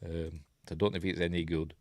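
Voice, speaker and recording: Middle-aged Yorkshire man, low-ish lively voice, dry close sound, chatty film-review host. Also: fast, dry recording. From Yorkshire, England. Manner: rambling, chuckling asides, many fillers. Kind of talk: casual film breakdown, chatting with live viewers.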